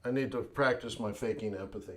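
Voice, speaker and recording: Blunt, tired forex trading teacher. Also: male voice, lowish voice, fast talker, slight background noise. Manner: blunt, sardonic, thinking aloud over charts. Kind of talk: live-streamed trading lesson.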